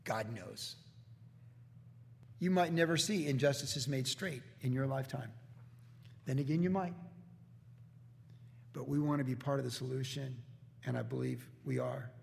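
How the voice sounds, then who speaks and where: A man preaching in a church with a slightly raised pitch and a gravelly edge to his voice. His earnest sermon rings out with a long hall reverb behind it. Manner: earnest preaching, slips into acted quotes of biblical figures. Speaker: pastor.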